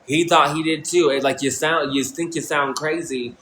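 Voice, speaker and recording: A man's voice: on the high side, fairly even intonation, normal speed, a bit bright, slight background noise, rough recording. Intense rambling man in his thirties. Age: 30s. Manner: rambling, intense, profane, with repeated restarts. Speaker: livestreamer. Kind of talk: casual livestream monologue. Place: indoor room.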